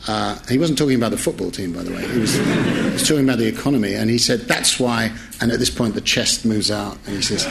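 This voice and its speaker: A man's voice: on the low side, fast talker, vocal fry, noisy background. A middle-aged man, a journalist, telling a humorous anecdote in a chatty way, often correcting himself and laughing as he goes. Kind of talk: humorous anecdote told to listeners.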